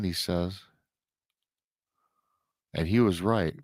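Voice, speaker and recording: A man's voice: low-pitched, measured pace, no room sound, clean studio sound. A man hosting a show, dramatically retelling a listener's emailed story with emotional asides. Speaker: host reading listener accounts. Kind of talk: storytelling podcast narration.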